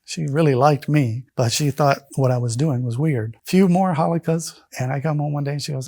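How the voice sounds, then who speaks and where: A man in his fifties recounts his life in a lively, expressive way. His voice sits somewhat high and sounds dry and close. He acts out the people he quotes with sudden jumps in pitch. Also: moderate pace, vocal fry, hardly any pauses, no echo. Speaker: convert telling his story. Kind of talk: personal storytelling.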